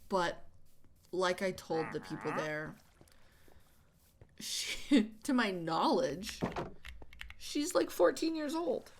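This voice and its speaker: A woman host chatting casually while she plays, halting with many fillers and restarts, often sighing. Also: fairly low pitch, lively intonation. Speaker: channel host. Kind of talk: casual chat while gaming. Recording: audible background noise.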